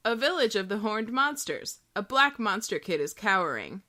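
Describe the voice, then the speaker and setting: A woman's voice: medium pitch, very animated, normal speed, pushed and bright. A woman co-hosting a podcast, chatting casually, rambling and giggling as she reads aloud. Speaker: podcast co-host. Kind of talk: casual chat.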